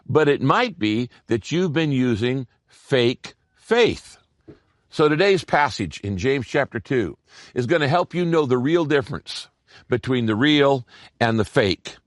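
A man preaching a sermon as a pastor, teaching from scripture with an expressive, swinging delivery and sudden bursts of speed. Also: mid-range voice, dry recording, studio quality.

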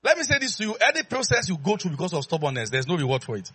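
A man preaching a sermon in an animated, playful way, calling out to the congregation. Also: high-pitched, very fast, slightly rough. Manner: animated and playful, acts out dialogue, calls out to the congregation.

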